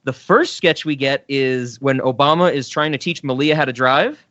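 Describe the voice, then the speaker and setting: A man's voice: mid-range voice, moderate pace, a bit bright, no echo, muffled recording. A man hosting a film podcast in casual chat, easygoing and chuckling often. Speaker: podcast host.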